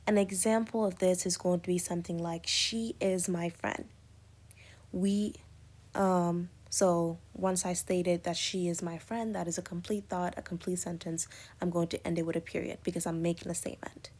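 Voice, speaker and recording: A woman's voice: fairly low pitch, little pitch movement, normal speed, warm tone. A woman teaching an English lesson, explaining punctuation step by step with many spoken examples and fillers. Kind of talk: recorded lecture on punctuation.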